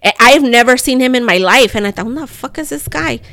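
A young woman, telling a story on a podcast in an animated, profane way and slipping into phrases. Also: sits high, fairly quick, no echo. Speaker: podcast co-host. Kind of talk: casual storytelling chat.

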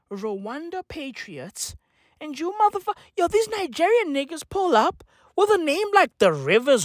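Woman with a lively, ranting comic delivery. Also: high-pitched, moderate pace, no room sound, studio quality. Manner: ranting, repetitive, laughs at own jokes. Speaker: comedian. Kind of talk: profane comic rant.

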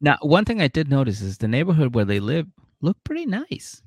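A gravelly young man co-hosts a casual comedy podcast, his pitch swinging widely as he swears and acts out scenes. He sounds dry and close to the mic. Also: fairly quick, no room sound. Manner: animated, profane, acts out voices while retelling. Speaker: podcast co-host. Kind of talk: casual comedic chat, recapping a reality show.

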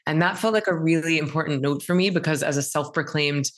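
A woman in her thirties, a meditation teacher, talking casually as a podcast guest and acting out quoted dialogue in animated stories. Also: sits low, brisk. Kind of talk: casual interview conversation.

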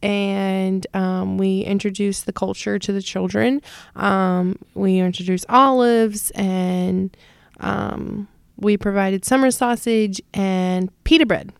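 A woman's voice: mid-range voice, slow pace, gravelly, clean tone, dry recording. A young woman, a preschool teacher, chatting on a podcast and telling funny classroom stories with lots of laughter. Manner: animated storyteller, laughs often. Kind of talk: casual chat.

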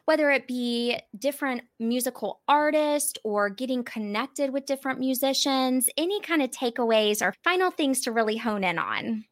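A woman with a fairly high voice hosts an interview and asks her questions. She sounds upbeat and encouraging as she keeps the talk going. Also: animated, normal speed, hardly any pauses. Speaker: podcast host, interviewer. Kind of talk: interview hosting.

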